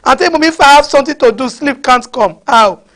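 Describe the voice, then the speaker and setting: A woman preaching a sermon, animated, mixing in pidgin and often asking the crowd "huh?". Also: sits high, a little fast. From West Africa.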